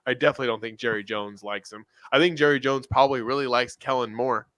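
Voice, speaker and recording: A man's voice: mid-range voice, steady tone, fast, a crowd in the background. A man co-hosting a casual sports podcast, rambling and often restarting his sentences. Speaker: podcast co-host.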